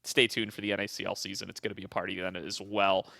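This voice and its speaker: Upbeat young male podcast host, bright and dry close-mic sound, casual sign-off patter. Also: low-pitched, level tone, creaky, no echo. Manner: upbeat, laughs often, quick sign-off patter. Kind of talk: casual esports podcast chat.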